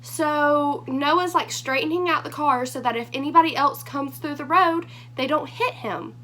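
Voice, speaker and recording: A young woman telling a rambling storytime vlog, animated and full of fillers, her voice hoarse. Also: high-pitched, normal speed. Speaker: vlogger.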